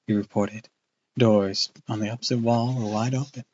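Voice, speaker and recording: A man's voice: fairly low pitch, steady tone, moderate pace, darkish tone, dull audio, slight background noise. A man casually reading a book aloud on a live stream, loose and off-hand, with crude asides.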